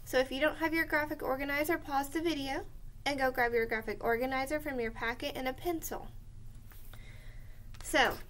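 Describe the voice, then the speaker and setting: Brief: woman teacher with a high voice, recorded lesson for young children, patient and clear. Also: fairly even intonation, fairly bright tone. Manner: slow, clear and encouraging, spelling out words as she writes.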